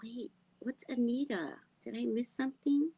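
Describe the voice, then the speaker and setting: A woman host chatting casually with viewers, giggly and drifting between soft murmurs and loud outbursts. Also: on the high side, fairly even intonation, normal speed, slightly rough, no room sound, rough recording. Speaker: livestream host.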